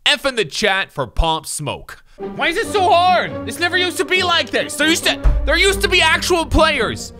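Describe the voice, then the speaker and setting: Young man, high voice, video game commentary, sarcastic, loud, animated, music underneath. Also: moderate pace. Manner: loud, animated and sarcastic, swinging between shouts and mutters. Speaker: gaming YouTuber.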